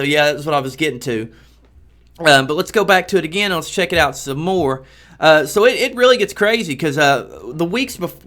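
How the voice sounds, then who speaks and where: A man's voice: on the high side, pushed and bright. A man hosting a show who tells a story in a mock-serious, rambling, hesitant way with playful exaggeration. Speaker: show host.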